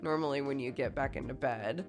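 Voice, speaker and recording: A woman's voice: very deep voice, a little fast, over music. A woman streamer chatting casually with her viewers, telling a story with lots of "like" fillers and bursts of laughter.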